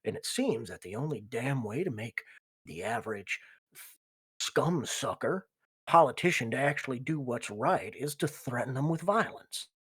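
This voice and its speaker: A game master voicing a stern, righteous male biker gang leader in a tabletop game, speaking in a measured, lecturing way. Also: medium pitch, animated, fairly bright tone, breathy edge, no echo. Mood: grim. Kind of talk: tabletop role-play character voice.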